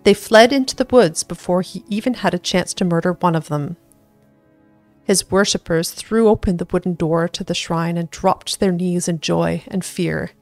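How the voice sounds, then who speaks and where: A woman narrating a fantasy book as an audiobook reader, in a steady storytelling read. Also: lowish voice, normal speed, no echo, soft background music.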